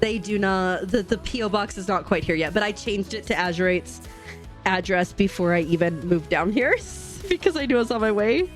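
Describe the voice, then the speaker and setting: A young woman in a casual livestream chat, bubbly and rambling as she answers her viewers between stitches. Her pitch sits in an ordinary middle range, and she talks into a desk mic at home with soft music faintly playing behind her. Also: expressive, normal speed. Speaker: livestream host. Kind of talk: casual chat with live chat while crafting. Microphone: desk streaming mic.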